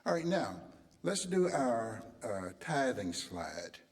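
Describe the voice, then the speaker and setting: A man leads the church service, giving announcements in a relaxed, chatty manner and often pausing on filler words. His voice is mid-pitched and unhurried. A long reverb from the sanctuary trails every phrase. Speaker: service leader.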